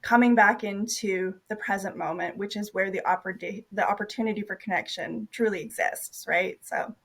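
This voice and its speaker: Brief: female birth-worker guest, mid-pitched, calm and gentle, measured answers. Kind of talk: interview answers.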